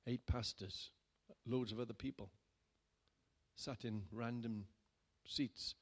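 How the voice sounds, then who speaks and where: Pastor telling a story from the pulpit. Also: male voice, mid-range voice, fairly even intonation, slow. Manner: conversational storytelling, building to loud emphatic bursts. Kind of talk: sermon testimony.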